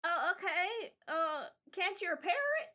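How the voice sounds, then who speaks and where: A woman's voice: extremely high pitch, very animated, measured pace, pushed and bright, voice pushed up, full character voice. A woman voicing an eager, timid little boy who stammers and hesitates in a tabletop game. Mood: curious.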